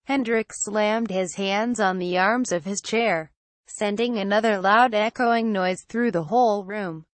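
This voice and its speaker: A woman reading a horror story aloud in a slow, measured way. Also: mid-range voice, no echo. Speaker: story reader.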